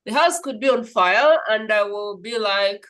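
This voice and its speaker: A woman hosting a podcast in casual conversation, animated and rambling, acting out little quoted scenes. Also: medium pitch, unhurried, rough recording. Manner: animated storyteller, acts out quoted voices; rambling, restarts. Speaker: podcast host.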